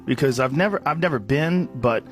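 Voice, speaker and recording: Mid-pitched male host, thoughtful and easygoing, with light music behind. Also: animated, fairly quick. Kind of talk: casual podcast chat.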